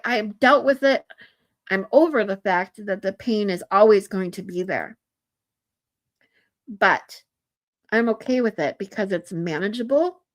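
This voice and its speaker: A woman streamer talking to her chat in a casual live stream, earnest and heartfelt, often halting and restarting her sentences. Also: medium pitch.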